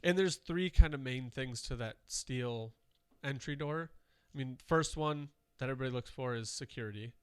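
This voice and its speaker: A man's voice: mid-range voice, moderate pace, few pauses, clear, resonant tone, no room sound, clean studio sound. A man co-hosting a real estate podcast in casual chat, a little congested and using many fillers. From Wisconsin, USA. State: congested from dust.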